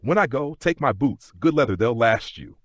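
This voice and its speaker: A man voicing a raspy dying old man. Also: medium pitch, animated, normal speed, no room sound, voice pushed up, natural voice. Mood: resigned. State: raspy, weak from coughing. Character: dying consumptive older man, calm.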